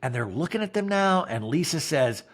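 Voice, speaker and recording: A man with a husky voice hosts a comedy podcast, recapping reality television with sarcastic, profane asides. His pitch swings widely as he acts out what people said in exaggerated voices. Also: sing-song, normal speed, a bit bright. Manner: sarcastic, swearing, mocking asides. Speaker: podcast host.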